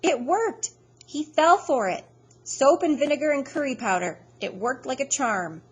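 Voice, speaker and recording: A woman voicing a small, bold, brainy boy who speaks loudly and theatrically. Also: mid-range voice, expressive, normal speed, husky. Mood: excited. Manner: loud, emphatic, triumphant declaring.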